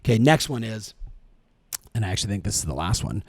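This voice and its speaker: A middle-aged man hosting a podcast, giving energetic business coaching full of rhetorical questions. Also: on the low side, fast talker, husky, no echo. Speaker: podcast host and real estate coach. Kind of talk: motivational podcast talk.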